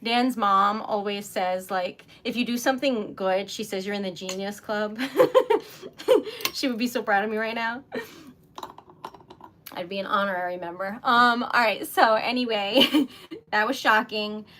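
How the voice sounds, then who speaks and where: A woman's voice: medium pitch, unhurried, slight background noise. A young woman hosting a crafting livestream, chatting casually, giggling and gushing over her work. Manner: chatty and self-deprecating, giggly, gushes excitedly. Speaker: livestream host making wax seal stickers.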